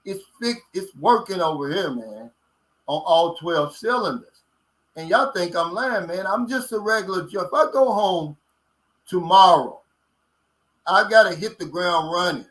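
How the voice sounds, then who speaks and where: A man's voice: high-pitched, expressive, unhurried, fairly bright tone, rough recording. A man in his late fifties with a Kentucky accent, chatting casually with viewers as a vlogger, folksy and blunt. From Kentucky, USA. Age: 50s. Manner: folksy and blunt, drawls out filler words. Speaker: vlogger reading viewer comments. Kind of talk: casual livestream chat.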